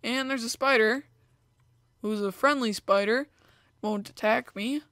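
A woman's voice: on the high side, measured pace, a bit bright, no room sound, clean studio sound. A young woman hosting a gameplay video, chatting casually with lots of fillers as she plays. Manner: chatty, rambling, many fillers like "like" and "you know". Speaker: gaming video host.

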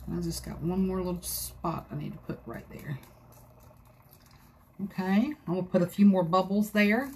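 Woman w/ doing a live craft tutorial, chatty and folksy, faint hum from her craft room. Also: medium pitch. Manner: chatty, folksy, talks to viewers as she works. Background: dogs scratching in another room.

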